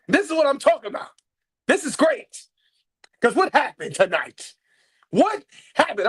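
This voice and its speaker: A man's voice: sits high, very animated, unhurried, long pauses, fairly bright tone, slightly rough. A man co-hosting a wrestling review podcast, hyped and playful, repeating phrases for emphasis. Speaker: podcast co-host. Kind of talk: casual wrestling review chat.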